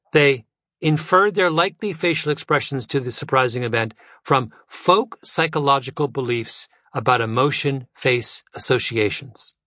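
A man reading a nonfiction audiobook in a measured way, letting his pitch fall low at the end of phrases. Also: bright, forceful tone, dry recording, clean studio sound. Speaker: narrator. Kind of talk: scripted nonfiction audiobook narration.

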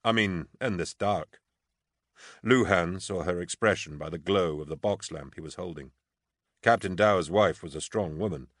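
A deep-voiced male audiobook narrator reads a script at a moderate pace. The studio-quality recording has no echo.

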